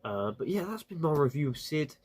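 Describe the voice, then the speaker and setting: A man's voice: a little high, big pitch swings, a little fast, darkish tone, breathy edge. A man giving a casual, rambling spoken review, full of fillers and restarts. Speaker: video reviewer.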